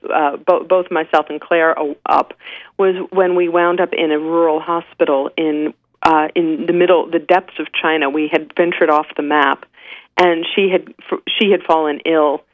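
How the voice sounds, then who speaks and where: A woman's voice: on the low side, dry recording. New woman on a tinny phone line. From New York. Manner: animated storyteller, frequent restarts. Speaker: guest author. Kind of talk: phone interview.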